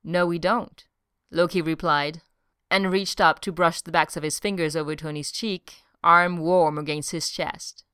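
A woman narrating a story in an audiobook, measured and even. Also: low-pitched, clear, resonant tone, dry recording, clean studio sound. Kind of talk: audiobook reading of fiction.

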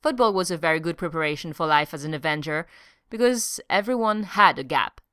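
Smooth, low-voiced woman narrating a story. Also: lively intonation, brisk, a bit bright, no room sound, clean studio sound. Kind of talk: audiobook reading of fiction.

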